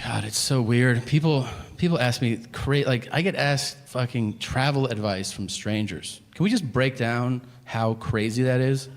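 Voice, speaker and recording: Profane male stand-up comic, echoey hall. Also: medium pitch. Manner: profane, deadpan storytelling with quick asides. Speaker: stand-up comedian. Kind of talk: stand-up comedy storytelling. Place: comedy stage before an audience. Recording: live stage recording with hall reverb and audience noise.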